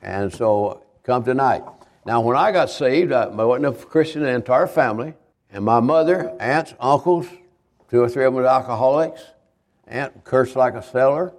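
An older man, a visiting evangelist giving a homespun sermon testimony, halting and repeating himself as he tells his stories. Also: medium pitch, darkish tone. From Kentucky, USA. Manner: halting, repetitive, homespun storytelling.

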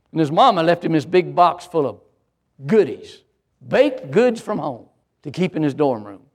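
An older man, a pastor, preaching a sermon with an emphatic, repetitive cadence. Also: fairly high pitch.

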